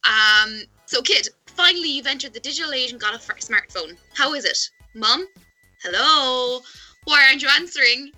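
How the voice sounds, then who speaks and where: Bright, giggly high-voiced woman. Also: moderate pace, soft background music. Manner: giggly, expressive, reacts with laughter. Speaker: podcast co-host. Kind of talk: casual chat reading funny texts aloud.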